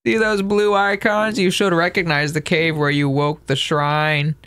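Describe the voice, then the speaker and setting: A man reading an elderly monk's game lines aloud in a slightly lowered voice. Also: little pitch movement, measured pace, fairly bright tone, clear, resonant tone. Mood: sage. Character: elderly male monk, slow and knowing.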